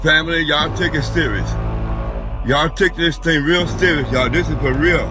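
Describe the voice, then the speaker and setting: A man's voice: a little high, normal speed, over music. A shaken man, filming on his phone outside a hospital and urgently pleading with people over and over. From Brooklyn, New York. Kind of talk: live phone video plea. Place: outdoors beside a hospital. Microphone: phone camera.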